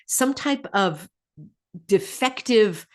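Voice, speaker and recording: A woman in a medium pitch talks straight to her viewers in a casual commentary vlog. She is sarcastic and keeps throwing out rhetorical questions with little laughs. Her voice jumps up when she mocks something. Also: drawn-out words. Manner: animated, pitch jumping up on mocking remarks. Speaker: channel host.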